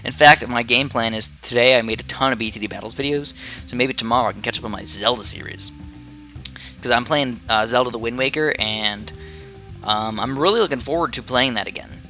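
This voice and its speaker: A man's voice: mid-range voice, a little fast, bright, forceful tone, soft background music. A young man giving rambling, casual commentary over a game he is playing, with many fillers and restarts. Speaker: gaming video creator.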